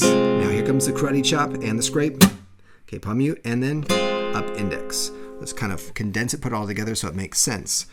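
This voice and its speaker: A man's voice: on the low side, fairly quick. A man giving a step-by-step guitar lesson, explaining strumming patterns and counting beats aloud as he plays. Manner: counts beats aloud while playing, encouraging. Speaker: guitar teacher. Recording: loud guitar playing under the voice.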